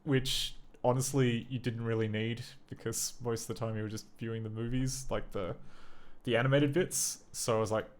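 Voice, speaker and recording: A man's voice: mid-range voice, steady tone, moderate pace. A man livestreaming as he programs, thinking aloud in casual commentary, muttering and correcting himself as he goes. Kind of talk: casual live coding commentary.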